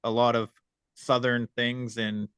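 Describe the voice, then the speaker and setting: A man's voice: mid-range voice, little pitch movement, a little slow, fairly bright tone, clear, resonant tone, dry recording, studio quality. A man hosting a podcast, chatting casually in a laid-back way with many fillers. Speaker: podcast host. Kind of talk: casual chat.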